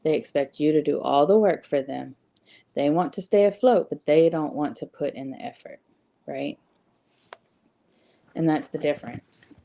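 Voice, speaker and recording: A woman's voice: deep voice, normal speed, gravelly, long pauses, dark tone. A woman giving a casual motivational talk, conversational, with frequent ums and rhetorical "right?" questions. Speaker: host.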